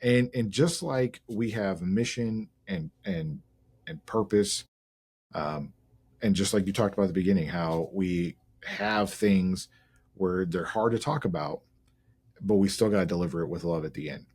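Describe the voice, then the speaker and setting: A middle-aged man hosts a casual interview, his voice low and husky. He talks in a halting, thoughtful way, working through his thoughts before wrapping up with thanks. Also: a little mellow. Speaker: podcast host.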